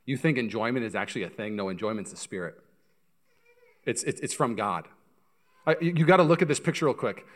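A pastor preaching a sermon, telling stories with energy and speaking straight to the congregation. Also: male voice, mid-range voice, a little fast, long pauses. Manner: animated storytelling, acts out voices, addresses congregation directly.

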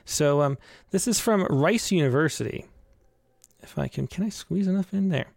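A man with a gravelly, fairly high voice hosts a podcast in a casual, rambling way, full of ums and restarts. The sound is close and dry. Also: animated, moderate pace, a little mellow, no echo. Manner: rambling, with many fillers. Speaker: podcast host.

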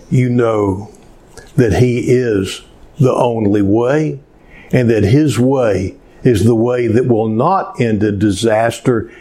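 A man preaching a sermon in an earnest, slow manner, telling a story with dramatic pauses. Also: medium pitch, warm tone. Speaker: pastor.

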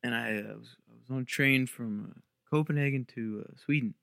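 Male co-host, middle-pitched, rambling deadpan storyteller, dry close sound. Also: a little fast, creaky, dry recording. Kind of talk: casual chat.

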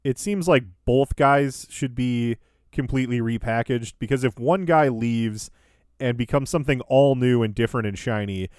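A man's voice: medium pitch, moderate pace, darkish tone, smooth, no echo, studio quality. A man hosting a podcast, casually recapping events in order and laughing easily. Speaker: podcast host.

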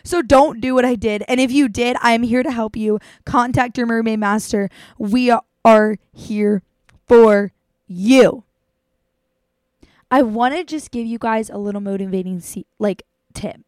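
A woman's voice: a little high, measured pace, darkish tone, no room sound, studio quality. A young woman hosting a casual talk, chatting playfully and acting out little voices as she gives dating tips. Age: young adult. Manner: chatty, playful, acts out voices of boys and friends. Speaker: host giving dating tips. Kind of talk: casual chat.

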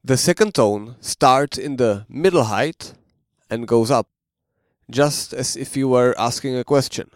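A man gives a slow, patient language lesson. His voice is smooth and resonant, and it is recorded close and dry. He explains step by step and models each sound for the listener to repeat. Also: mid-range voice, no echo. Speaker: language teacher.

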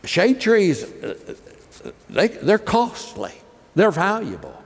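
A man's voice: sits high, wildly swooping pitch, takes it slowly, gravelly, husky. A middle-aged man preaching a sermon, folksy and joking, rising into emphatic preaching. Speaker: pastor. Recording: long hall reverb.

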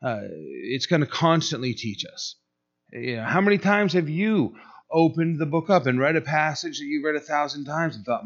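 A man's voice: fairly high pitch, expressive, normal speed. A man giving a conversational sermon, rambling with many fillers and restarts. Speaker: preacher. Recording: dull lo-fi recording.

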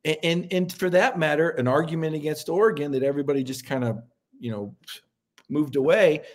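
A man's voice: on the high side, brisk. A middle-aged man, a sports columnist in an opinionated, folksy debate who often repeats words as he builds a point.

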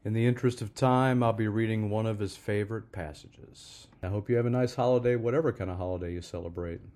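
A man hosting a show, talking slowly and reflectively and reading aloud. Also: fairly low pitch, steady tone, warm tone. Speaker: co-host.

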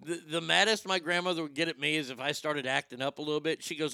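A man's voice: a little high, quick pace, vocal fry, no room sound, studio quality. A middle-aged man doing stand-up, telling a crude family story and acting out the quotes. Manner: crude, animated, acts out quotes. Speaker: stand-up comedian.

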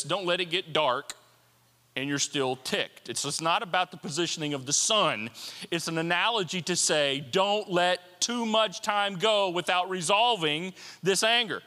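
A man preaching a sermon as a pastor, animated and playful, with jokes and asides. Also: sits high, unhurried. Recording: long hall reverb.

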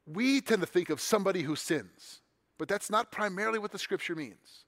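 A pastor preaching a sermon in an easy, conversational way, dropping quiet and then pressing points with emphasis. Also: male voice, high voice, expressive, a little fast.

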